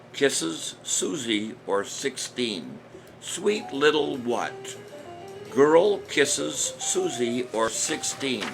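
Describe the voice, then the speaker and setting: An older man casually hosting a live-stream trivia show, chatty and jokey, chuckling at his own jokes. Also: mid-range voice. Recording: music playing under the voice.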